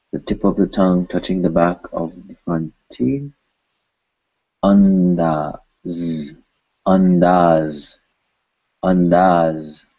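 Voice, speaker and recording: Speaking in a warm, husky, low voice, a male teacher walks through pronunciation and repeats every word several times with patience. The recording has a lo-fi quality.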